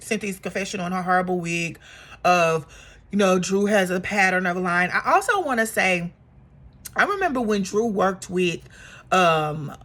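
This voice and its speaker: Chatty woman doing a gossipy TV recap. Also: mid-range voice. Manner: animated, acts out quotes in exaggerated voices; chatty with frequent fillers and laughs. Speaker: reality TV recap vlogger.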